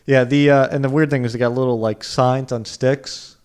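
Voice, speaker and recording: A man's voice: mid-range voice, steady tone, normal speed, darkish tone, clean tone. A man co-hosting a car podcast in casual chat, rambling with lots of fillers. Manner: rambling, lots of "like", puts on silly accents. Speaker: podcast co-host.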